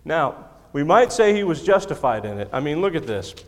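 A man's voice: on the high side, sing-song, brisk, a little hiss or hum. A man preaching a sermon to his congregation into a microphone, emphatic, repeating key lines, with self-deprecating humor. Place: church sanctuary. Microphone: handheld or stand microphone. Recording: long hall reverb.

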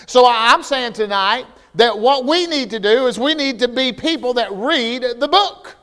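A male pastor preaching a sermon with passion, sometimes rising to shouts and often restarting his words. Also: very high-pitched, expressive, moderate pace, hardly any pauses, clean tone. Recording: long hall reverb.

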